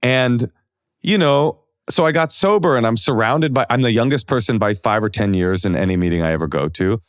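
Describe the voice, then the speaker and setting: A man in his forties from Oakland, a comedian guest telling self-deprecating stories in a casual interview, animated and full of fillers. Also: mid-range voice, a little fast, no echo, clean studio sound. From Oakland, California.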